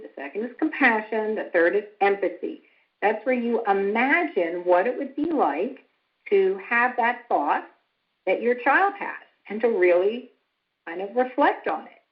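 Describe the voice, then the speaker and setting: Woman explaining step by step in a calm teaching voice, mid pitch, kinda dull lo-fi sound. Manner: calm and instructive, acts out quoted lines with rising pitch. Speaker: psychologist lecturing on family estrangement. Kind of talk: explanatory talk with acted-out example dialogue.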